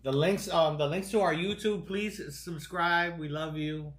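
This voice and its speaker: A man's voice: on the high side, unhurried, a bit bright. A man co-hosting a casual livestreamed podcast with playful, teasing banter. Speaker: podcast co-host.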